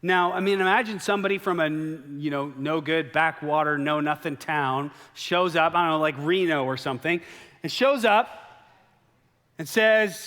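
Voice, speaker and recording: Animated preaching man in a reverberant hall. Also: fairly high pitch, moderate pace. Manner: lively storytelling, acts out quoted lines in animated voices. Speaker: pastor. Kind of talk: sermon. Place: church sanctuary.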